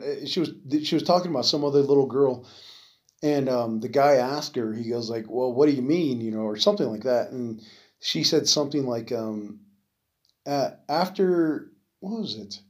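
Man rambling loosely on a podcast. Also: medium pitch. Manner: rambling, loose and profane, with many fillers. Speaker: podcast host. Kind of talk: casual solo podcast monologue.

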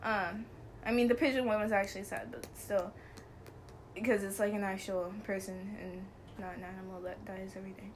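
A woman's voice: medium pitch, flat delivery, brisk, slight background noise. A young woman co-hosting a podcast, chatting casually in a giggly, rambling way and apologizing often. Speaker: podcast co-host. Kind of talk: casual chat.

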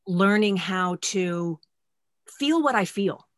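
A woman hosting a podcast conversation, talking candidly and self-deprecatingly with halting restarts. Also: medium pitch, expressive, fairly bright tone, dry recording, clean studio sound. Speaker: podcast host.

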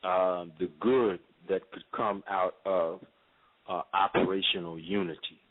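A man speaks as a radio interview guest in a measured, preacherly cadence, with many pauses and fillers. His voice sits fairly low. The sound is thin and narrow, as heard over a phone line. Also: fairly even intonation.

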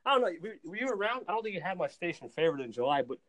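Man, casual podcast host, higher voice, fired-up storyteller, trips over his words. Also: very fast. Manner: excitable, animated storyteller; stumbles and repeats words. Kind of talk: casual chat.

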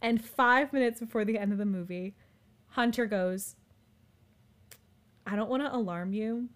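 A young woman in her twenties telling a story in casual chat, animated and full of fillers. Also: fairly high pitch, normal speed, pauses often. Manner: animated, filler-heavy, frequent "like".

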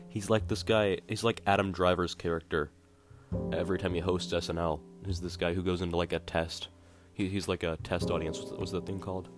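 A man with a very low voice rambles through a wry, self-correcting retelling. Steady guitar music plays in the background. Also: fairly quick. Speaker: podcast host. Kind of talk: casual rambling retelling of a play. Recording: guitar music playing behind.

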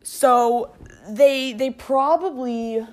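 A woman's voice: sits high, drawn-out words, darkish tone. A woman hosting a casual solo podcast, rambling and giggling, with lots of filler words. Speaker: podcast host.

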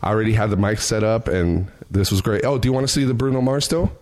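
A man hosting a podcast in a relaxed, slangy way, calling guests bro and wrapping up with plugs. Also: fairly low pitch, fast talker. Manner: easygoing, slangy, calls people bro. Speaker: podcast host. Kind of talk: casual chat.

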